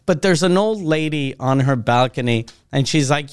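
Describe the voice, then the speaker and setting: A man's voice: fairly high pitch, expressive, moderate pace, clear, resonant tone. A man co-hosting a podcast, telling profane, self-mocking anecdotes with laughter in casual chat. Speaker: podcast co-host.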